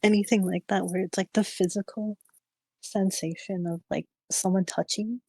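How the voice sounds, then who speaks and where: A young woman streamer casually telling a ghost story, animated and giggly, full of "like" fillers. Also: mid-range voice, moderate pace, breathy edge, dry recording, low-quality recording. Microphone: streaming mic.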